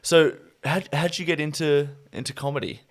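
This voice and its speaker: A man's voice: on the high side, steady tone, moderate pace. Young male podcast co-host. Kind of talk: casual podcast interview.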